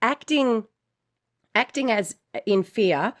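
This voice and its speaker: A woman's voice: fairly high pitch, expressive, slow. A woman co-hosting a podcast, talking earnestly and frankly and swearing freely in casual chat. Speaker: podcast co-host.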